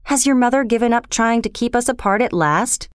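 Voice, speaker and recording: A woman's voice: on the high side, brisk, clean tone, no room sound, clean studio sound, natural voice. A woman voicing an imaginative, talkative young orphan girl in a storybook reading, earnest and dramatic. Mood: urgent. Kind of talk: storybook character voice.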